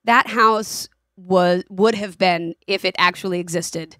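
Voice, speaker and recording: A woman in her forties co-hosting a podcast, casual chat, telling lively anecdotes and acting out the voices in them. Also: lowish voice, measured pace, dry recording, studio quality. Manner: animated storyteller, acts out voices in anecdotes. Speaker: podcast co-host.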